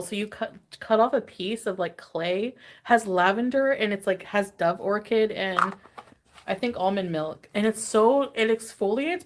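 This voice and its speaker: A woman chatting casually on a livestream, tired and giddy, greeting viewers with bubbly squeals. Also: mid-range voice. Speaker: livestream host.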